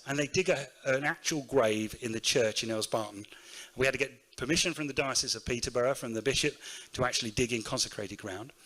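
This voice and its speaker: A middle-aged man with a Northamptonshire accent, telling anecdotes in a storytelling talk at a conference. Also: mid-range voice. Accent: Northamptonshire English. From England. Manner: lively anecdotal storyteller, acts out quotes. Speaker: keynote speaker, shoe factory owner. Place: conference room.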